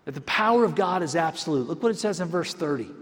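Pastor, male, high voice, emphatic sermon delivery with hushed drops, long reverb. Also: expressive, fast talker. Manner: emphatic preaching, drops to a hush for effect.

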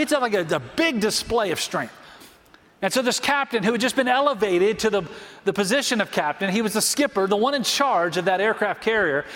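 A man preaching a sermon, telling a story and stressing key phrases slowly. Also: high-pitched, fairly bright tone, long reverb tail. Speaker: pastor.

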